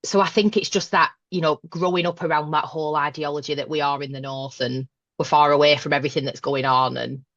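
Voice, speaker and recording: A woman's voice: low-pitched, steady tone, brisk, fairly bright tone, dry recording, muffled recording. A woman with a broad Lancashire accent from Burnley, a guest in a casual interview chat, frank and self-deprecating. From Burnley, Lancashire, England. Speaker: podcast guest, manager.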